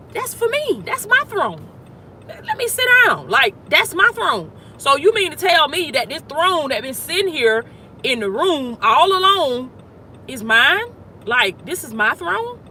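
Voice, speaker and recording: Emphatic high-voiced woman coaching outdoors. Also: sharp tone, a little hiss or hum. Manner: emphatic, repetitive preaching cadence. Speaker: life coach. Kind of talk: motivational talk.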